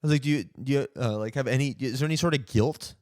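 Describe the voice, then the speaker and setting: A male comedian hosting his own podcast, delivering a heated, profane rant that keeps tripping over stammered restarts. His voice sits at an ordinary middle pitch. The sound is dry and close, with no room echo. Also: fast, a little mellow. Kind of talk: ranting comic monologue.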